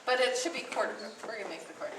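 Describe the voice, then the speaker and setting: Speaking rapid-fire in a slightly high, animated voice, a woman music teacher sings solfege note names to show the class and then quizzes them. The audio comes from a distance in a noisy classroom full of echo.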